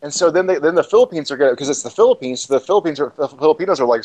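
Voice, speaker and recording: This podcast co-host's voice is a little high and darkish in tone, with lively intonation, and he talks rapid-fire with hardly any pauses. On a casual livestream he rambles through a long, profane anecdote crammed with fillers and restarts. No echo, though the audio is poor.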